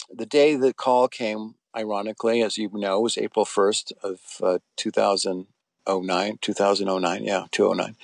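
This casual interview features a middle-aged man, once a soap actor, reminiscing about his acting career in rambling anecdotes laden with fillers and restarts. His voice is gravelly and on the low side, recorded dry.

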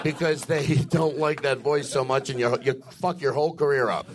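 A man's voice: mid-range voice, steady tone, moderate pace, heavy background noise. A man hosting a live comedy podcast on a club stage, teasing his guests and slipping into silly voices.

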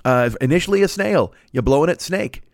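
A man's voice: on the high side, animated, fairly quick, vocal fry, no room sound, studio quality. Rambling, profane man hosting a podcast. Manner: rambling, profane, self-mocking. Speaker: podcast host. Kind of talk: casual solo podcast chat. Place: recording alone indoors. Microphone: studio microphone.

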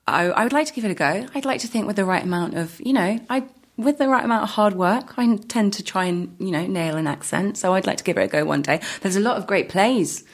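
A woman's voice: medium pitch, quick pace. A woman guest chatting casually in an interview, laughing often and restarting her sentences. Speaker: actress guest.

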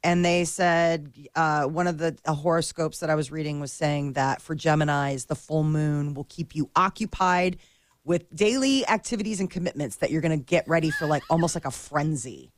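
A woman with a lowish voice chats on a radio show, loose and giggly, full of "like" and "um." The sound is close and dry, with no room around it. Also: normal speed, no room sound. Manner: chatty, filler-heavy, giggly. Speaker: radio co-host. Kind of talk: casual morning radio chat.

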